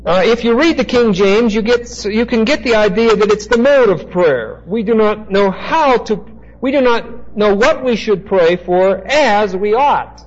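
A man teaching a Bible passage as a preacher, slow and deliberate, pausing to spell out Greek words. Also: sits high, expressive, dull audio.

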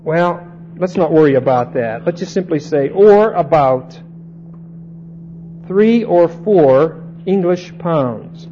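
Male Bible teacher, unhurried and repetitive, slightly high voice, dull recording with faint hum. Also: lively intonation, warm tone. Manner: unhurried, repeats points and checks understanding with "okay?".

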